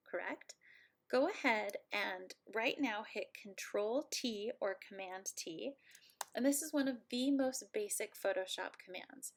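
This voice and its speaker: A woman instructor at home, giving a friendly, playful software tutorial walkthrough and joking about herself. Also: a little high.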